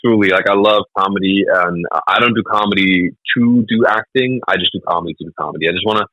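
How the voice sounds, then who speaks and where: A man from Germany, telling lively stories and laughing often as a comedy guest in a casual interview. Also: deep voice, quick pace, no room sound, lo-fi sound. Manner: animated storytelling, laughs often.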